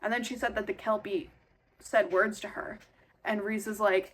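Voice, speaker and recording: A young woman giving an excitable, casual recap of a book she is reading, full of fillers and swearing. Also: a little high, moderate pace, a little hiss or hum. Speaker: book vlogger.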